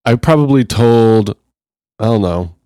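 A man's voice: mid-range voice, animated, a little slow, warm tone, dry recording, studio quality. A man co-hosting a podcast, telling stories in a rambling, reflective way. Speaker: podcast co-host. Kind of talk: casual chat.

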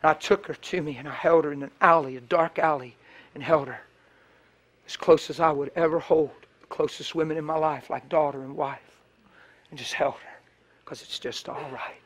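A man, a pastor, preaching a sermon with passion, swinging from loud bursts to hushed storytelling. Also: fairly high pitch, fairly even intonation, moderate pace.

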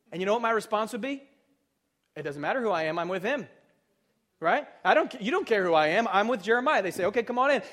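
A high-pitched male pastor preaches an animated sermon full of rhetorical questions. He swings suddenly between loud bursts and hushed asides.

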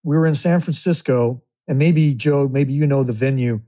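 A man's voice: mid-range voice, moderate pace, warm tone. A man guest on a podcast, starting a story in casual talk.

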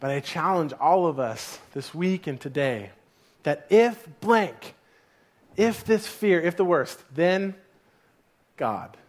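A male pastor preaching to his church with a notably high voice. He retells the story with lively, dramatic storytelling, leaning into the drama of each scene. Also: slow pace. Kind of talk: sermon storytelling.

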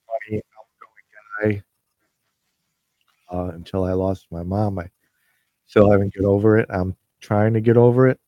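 A man hosting his podcast, speaking haltingly with many fillers and restarts, emotional as he sends a holiday message to listeners. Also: fairly low pitch, no echo, muffled recording. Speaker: podcast host.

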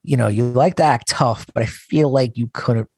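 A man's voice: medium pitch, darkish tone, husky, no room sound. A man co-hosting a podcast in casual chat, teasing and scolding his co-host. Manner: teasing, scolding, quick to push back.

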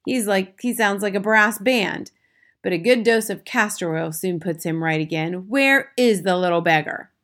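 A woman reading an audiobook, voicing an indignant, blustering middle-aged father who shouts and bullies. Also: mid-range voice, normal speed, close to an everyday voice.

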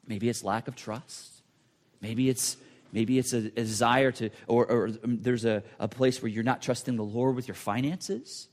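A man preaching a sermon in an earnest, repetitive way, often restarting phrases and dropping to a hush for emphasis. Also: mid-range voice, normal speed. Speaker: pastor.

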